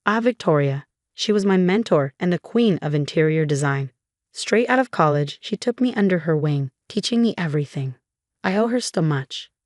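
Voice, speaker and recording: A young adult woman narrating a scripted first-person story in an even, conversational way. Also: deep voice, normal speed, no echo, studio quality.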